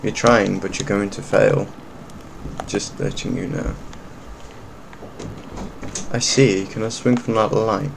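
A man commentating while playing a video game, swearing and yelling at it. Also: fairly low pitch, flat delivery, slow pace, vocal fry, pauses often, noisy background. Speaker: gamer. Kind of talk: let's play commentary.

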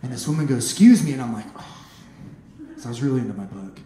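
A man performing a stand-up comedy set on a club stage, telling animated stories and shouting punchlines. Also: medium pitch, fast talker. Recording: echoey room, noisy club.

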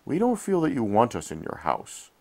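A man voicing a solemn male cat brother in a bedtime storybook, speaking gravely and earnestly. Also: mid-range voice, wildly swooping pitch, normal speed, warm tone, voice pushed up.

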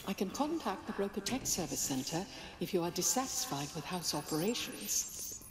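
An actress playing a polite female smart-house AI in a video game, speaking in a formal, calm, courteous way. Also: on the low side, normal speed, over music.

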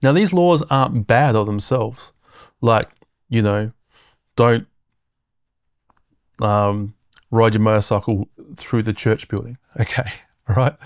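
A man's voice: mid-range voice, darkish tone, no room sound, clean studio sound. A man preaching a sermon in a conversational teaching manner, reading scripture aloud, chuckling between points and often checking in with "okay?".

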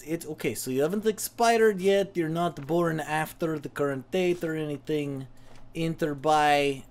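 A tipsy man hosts a let's-play, rambling through profane, mocking jokes while he games. His voice is a little high, expressive, and unhurried.

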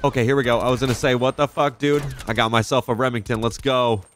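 A young man casually commenting as he plays a video game, excitable and profane, reacting out loud to the action. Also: mid-range voice, quick pace, a little hiss or hum. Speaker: gaming channel host. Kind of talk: casual let's-play commentary.

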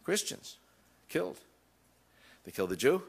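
A man's voice: mid-range voice, very animated, brisk, bright, forceful tone. A man giving an emphatic lecture to a live audience, mixing wry jokes into his points.

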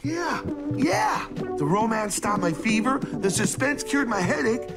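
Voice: medium pitch, big pitch swings, unhurried, gravelly, over loud music. A performer voicing a laid-back talking magic dog in a cartoon, with an easygoing, drawling delivery. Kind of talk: cartoon voice acting.

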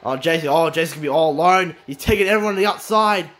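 A man with a high-pitched voice calls a wrestling game match move by move. He is excitable and swears freely, with his voice rising into shouts whenever a big move lands. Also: quick pace. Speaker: commentator.

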